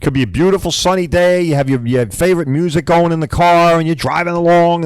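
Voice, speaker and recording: A man's voice: on the high side, fairly quick, hardly any pauses, clean tone, no room sound, poor audio. A middle-aged man hosting a podcast, ranting bluntly and profanely and hammering his points home with repeated "all right?"s. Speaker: podcast host.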